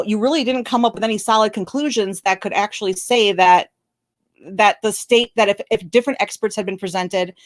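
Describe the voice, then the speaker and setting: A woman hosting her own channel, commenting on a legal case in a fast, blunt, candid way while tearful and crying on and off. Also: medium pitch. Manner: fast, blunt, candid talk with many apologies and restarts. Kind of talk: emotional live-stream commentary. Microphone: camera recording.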